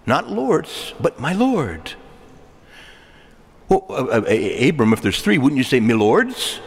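A man preaching a sermon, animated and joking, asking rhetorical questions to his listeners. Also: on the high side. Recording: long echo of a large hall.

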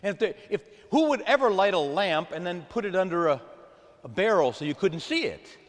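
A man preaching a sermon to a congregation, animated, drawing them into call-and-response. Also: high voice, fairly quick. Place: church. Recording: long hall reverb.

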